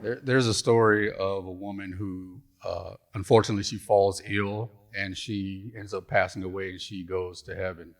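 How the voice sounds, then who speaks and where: Low-voiced folksy storyteller, man. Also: flat delivery, moderate pace, vocal fry, few pauses. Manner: folksy, humorous storyteller, conversational. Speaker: conference plenary speaker, retired pastor. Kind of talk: storytelling lecture. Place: conference hall.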